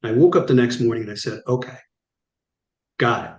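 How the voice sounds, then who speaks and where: A middle-aged man appearing as a guest on an interview show tells stories with energy, vividly acting out the dialogue within them. His mid-range voice is brisk, and the sound is lo-fi in an echoey room.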